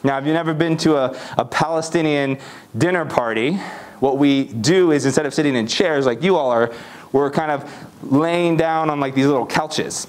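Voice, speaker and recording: A man's voice: a little high, normal speed, lightly acted. A man playing the disciple Andrew in a first-person sermon, telling the story in a chatty way with fillers.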